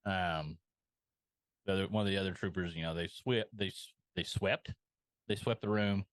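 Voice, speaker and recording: A man with a somewhat low voice talks through an episode in casual podcast conversation. He hesitates often, filling pauses with ums. The recording is dry, with little room sound. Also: steady tone, dry recording. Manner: hesitant, lots of ums and restarts. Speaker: podcast co-host.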